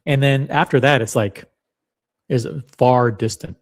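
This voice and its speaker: A man's voice: mid-range voice, fairly even intonation, a little slow. A man hosting a live reaction stream, chatting in a rambling, self-deprecating way. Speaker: livestream host.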